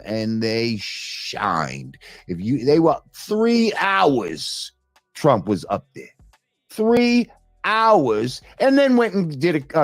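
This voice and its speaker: A man hosting a live stream, reading viewer comments and ranting with heavy profanity, jumping between loud outbursts and low mutters. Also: dry recording, studio quality. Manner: animated, swings between loud rants and mutters. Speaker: livestream host reading chat.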